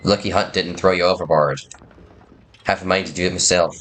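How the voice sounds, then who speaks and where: A man voicing a gruff, red-bearded male sailor with an attempted Irish accent, speaking curtly and dismissively. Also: sits low, steady tone, fairly quick, a bit bright. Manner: curt, dismissive.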